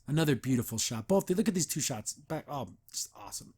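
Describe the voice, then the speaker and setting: A man's voice: mid-range voice, animated, quick pace, a little mellow, breathy edge. A man hosting a podcast, casually recapping an episode and acting out the characters' lines. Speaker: podcast host.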